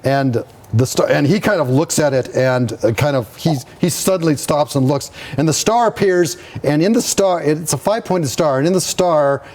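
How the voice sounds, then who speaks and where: A man narrating as game master in a live tabletop game, halting and restarting as he describes the scene. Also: on the high side, a little mellow. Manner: slow, halting, with many restarts.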